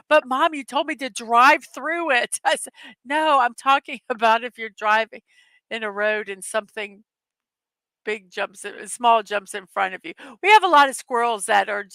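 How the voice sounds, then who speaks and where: A woman's voice: on the high side, sharp tone, no room sound. A middle-aged woman hosting a casual morning chat show, telling rambling stories and laughing often. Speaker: host.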